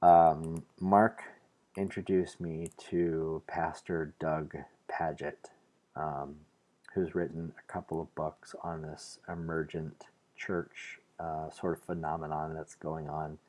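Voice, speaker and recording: Low-voiced american guy vlogging, earnest, argues his point, lots of restarts. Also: level tone, slow, mellow. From United States. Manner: earnest, argumentative, hesitant with restarts. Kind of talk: casual monologue to the camera.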